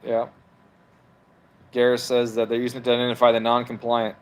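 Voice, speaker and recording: A man streaming from his home, reading viewer comments aloud and firing back at them. His talk is argumentative and full of swearing, in a mid-pitched voice. It is a loose, heated livestream rant. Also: completely flat delivery, fairly quick, smooth. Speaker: livestream host reading chat.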